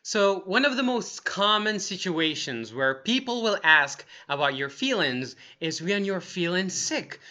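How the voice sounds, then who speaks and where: A young man teaching English phrases for feelings in an upbeat way, repeating each phrase slowly and acting the emotion out. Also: sits high, sharp tone. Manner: upbeat, acts out each feeling in slow demonstrations. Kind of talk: lively language lesson. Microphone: wearing earphones on camera.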